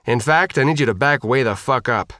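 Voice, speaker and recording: A man voicing a tough, brash thirteen-year-old girl fighter who shouts and swears. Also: medium pitch, brisk, dry recording, clean studio sound, close to an everyday voice. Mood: commanding.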